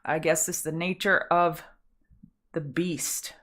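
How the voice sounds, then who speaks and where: A woman's voice: deep voice, steady tone, takes it slowly, fairly bright tone. A woman hosting a live market prep stream, upbeat and chatty, greeting viewers by name. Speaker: trading show host.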